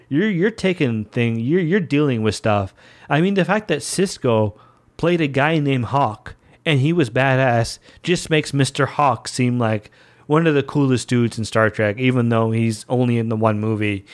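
Chatty, enthusiastic male film fan. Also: mid-range voice. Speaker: film commentator. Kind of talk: casual solo movie commentary.

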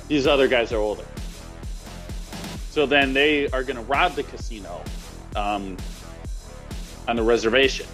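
A man's voice: medium pitch, normal speed, pauses often, a bit bright, faint music behind. A man in casual conversation, playfully spinning joking hypothetical scenarios for his co-host. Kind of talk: casual chat.

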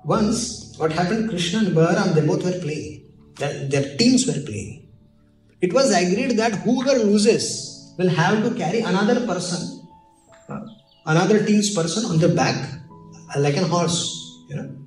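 A man telling devotional stories in an animated sermon. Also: sits high, unhurried. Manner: animated, switching into Hindi and acted voices. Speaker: preacher. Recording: echoey hall, voice off mic, faint music.

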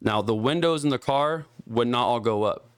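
Young man, lowish smooth voice, dry close mic; casual profane storyteller, filler-heavy. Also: moderate pace, no echo. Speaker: guest telling a story.

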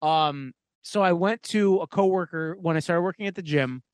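Man, high voice, dry close mic, casual podcast storyteller, swears, rambles. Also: normal speed, smooth, no echo. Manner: profane, rambling, lots of "like" fillers. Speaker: podcast co-host.

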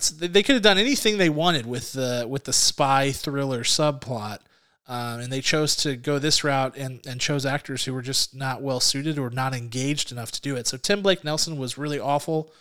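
A young adult man co-hosting a casual movie review podcast, talking in an animated way with quick asides. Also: medium pitch, smooth. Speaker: podcast co-host.

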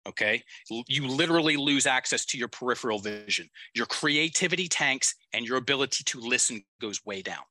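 A male coach speaks bluntly in a very bright and forceful voice. He drives each point home with emphasis. The recording is close and dry. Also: mid-range voice, lively intonation, a little fast, no echo. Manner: emphatic, blunt, with casual swearing. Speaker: guest executive coach. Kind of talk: podcast conversation.

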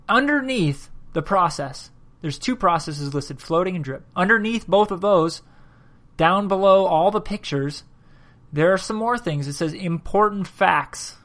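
A man's voice: on the high side, fairly bright tone. A tired man hosts a casual solo podcast, reading sources aloud between yawns. He trips over words and stops to comment on what he reads. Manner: reads aloud haltingly, stumbles and comments as he goes. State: tired, yawning. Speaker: podcast host.

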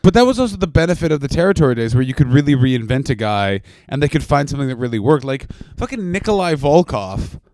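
A man co-hosting a comedy podcast, telling stories in a profane, fast-talking casual chat. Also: medium pitch, very animated, darkish tone, no room sound. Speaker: podcast co-host.

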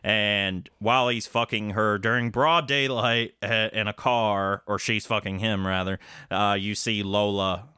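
Bright, crisp low-voiced man recapping. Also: steady tone, measured pace, no room sound, studio quality. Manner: rambling, loose recap with many fillers and restarts. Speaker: podcast co-host. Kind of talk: casual movie recap chat.

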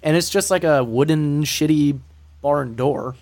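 A man's voice: fairly high pitch, measured pace, darkish tone, no echo. A man co-hosting a podcast, telling a story in a rambling way with lots of fillers. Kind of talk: casual chat.

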